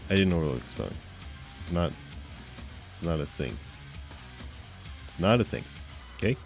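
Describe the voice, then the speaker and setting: A man's voice: low voice, big pitch swings, moderate pace, gravelly, faint music behind. A man streaming a game live, chatting with viewers in playful, mock-offended banter with stammering restarts.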